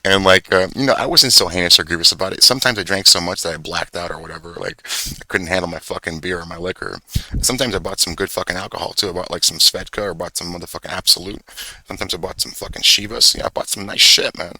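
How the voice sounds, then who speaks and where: In a low-quality recording with no echo, a young man speaks quickly with a low, mostly even voice that is bright and forceful. He's a vlogger screen-sharing as he rambles through a casual, profane story, stumbling over fillers and correcting himself.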